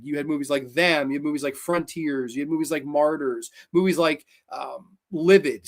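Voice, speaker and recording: Man, horror show host, casual movie review, energetic, slightly high voice. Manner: energetic, animated retelling with fillers.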